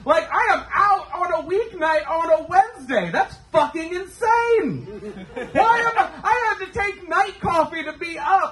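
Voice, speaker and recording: A man in his forties doing a self-mocking, animated stand-up comedy set. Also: very high voice, unhurried. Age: 40s. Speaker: stand-up comic. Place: comedy club stage. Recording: roomy club sound, mic from a distance.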